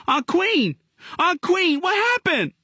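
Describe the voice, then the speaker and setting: A man reading aloud voices a frightened young boy who shouts urgently in a high voice. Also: animated, normal speed, no room sound. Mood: panicked.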